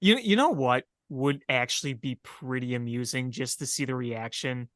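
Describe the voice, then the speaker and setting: A man's voice: mid-range voice, normal speed, a bit bright, no room sound, clean studio sound. A man co-hosting a casual sports talk podcast, chatting in short, agreeable reactions. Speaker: podcast co-host.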